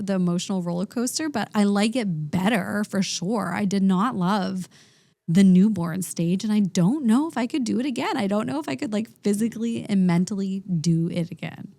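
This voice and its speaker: A woman's voice: medium pitch, vocal fry, dark tone, no echo. A woman in her thirties hosting a podcast, talking openly and frankly in a casual chat. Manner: open, chatty, frank.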